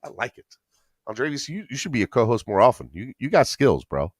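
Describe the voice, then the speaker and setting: Man, podcast host, lively swinging pitch, crisp dry sound. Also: fairly quick, no echo. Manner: animated, laughs often, repeats words. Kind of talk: casual sports chat.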